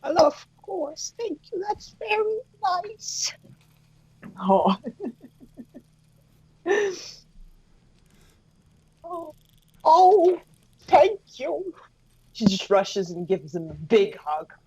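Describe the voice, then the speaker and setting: High, lively woman player. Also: extremely slow, long pauses, no room sound, muffled recording. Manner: playful, plays a doting mother character. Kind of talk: tabletop game play.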